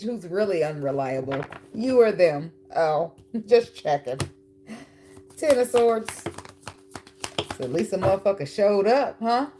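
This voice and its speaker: Woman, low pitched, tarot reader, blunt, profane, teasing, faint background hiss. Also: darkish tone. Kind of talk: casual tarot reading.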